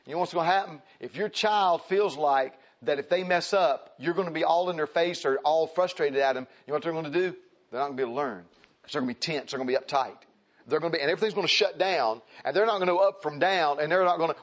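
In a folksy, animated sermon, a man acts out the people in his stories, giving the quoted characters high voices. The recording is dull and lo-fi.

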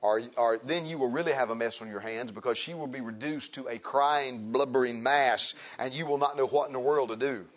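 A man's voice: a little fast, few pauses. A man preaching a folksy sermon, acting out the people in his stories. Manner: folksy, animated, acts out quoted people in high voices. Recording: dull lo-fi recording.

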